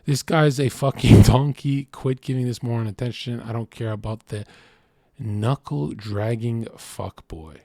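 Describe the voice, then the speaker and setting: A man's voice: mid-range voice, unhurried, creaky, dark tone, no echo. A man streaming, reacting to chat and reading messages aloud, in a brash, profane, boastful way, rambling and acting out bits of dialogue.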